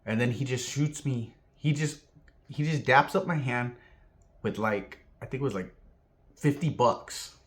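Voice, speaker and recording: In an unhurried, mid-range voice, a Southern California vlogger tells a loose, rambling story about himself. Filler words abound, and he animatedly voices the characters he quotes.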